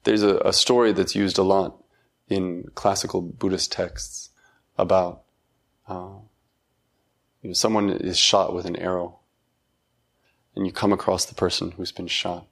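A middle-aged man giving a reflective talk, thoughtful and halting, with self-deprecating laughs. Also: sits low, little pitch movement, gravelly. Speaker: dharma talk speaker.

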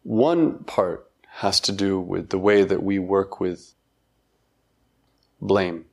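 A middle-aged man giving a reflective talk, thoughtful and halting, with self-deprecating laughs. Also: deep voice, fairly even intonation, gravelly, darkish tone. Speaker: dharma talk speaker.

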